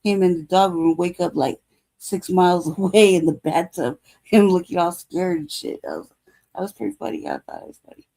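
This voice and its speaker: Woman in her 40s, livestream chat host, keeps laughing, swears a lot, dark mellow tone. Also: on the low side, expressive, fairly quick, gravelly. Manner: laughing, profane, rambling storytelling.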